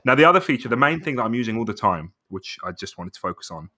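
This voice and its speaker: A man's voice: mid-range voice, very animated, quick pace, sharp tone, dry recording, clean studio sound. A man in his thirties co-hosting a podcast, chatting casually and rambling, often saying "bro". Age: 30s. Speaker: podcast co-host. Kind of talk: casual chat.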